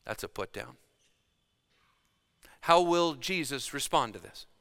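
Male preacher, bright forceful voice, dramatic dynamics, sermon in a church with a long hall echo. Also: medium pitch, expressive, slow pace, gravelly. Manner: dramatic, shifts between loud emphasis and hushed delivery. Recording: long reverb of a large hall.

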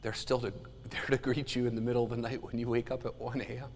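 A man's voice: medium pitch, little pitch movement, fast talker, long reverb tail, a little hiss or hum. A man preaching a sermon as a pastor, earnest and emphatic.

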